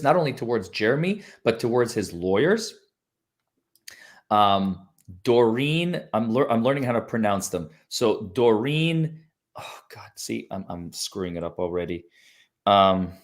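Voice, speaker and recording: Guest lawyer, low voice, earnest, rambling, restarts a lot. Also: male voice, expressive, moderate pace. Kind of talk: casual livestream chat.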